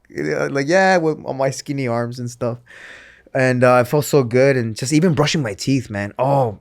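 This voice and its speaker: A man of middle pitch tells his own story in a loose, emotional conversational way, stumbling over restarts and leaning on "like". He acts out what others said as he goes. The sound is dry and close, with no room echo. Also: moderate pace. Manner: emotional, filler-heavy with frequent restarts and acted-out quotes. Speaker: interview guest, former pro wrestler.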